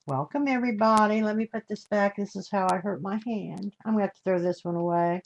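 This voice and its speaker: An older woman with a gentle lilt talks her way through a live craft demonstration. Her voice sits at a middle pitch, and her homey, rambling manner mixes in warm greetings to her viewers. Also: steady tone, fairly quick, creaky, slight background noise. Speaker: craft show host.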